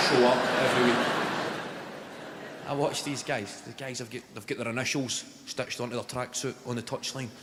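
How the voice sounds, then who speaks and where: A man's voice: mid-range voice, a little hiss or hum. A young Scottish man doing live stand-up comedy, teasing the front row and swearing freely. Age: young adult. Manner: crowd banter, sweary and teasing. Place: large theatre stage, indoors. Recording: roomy live hall with loud crowd.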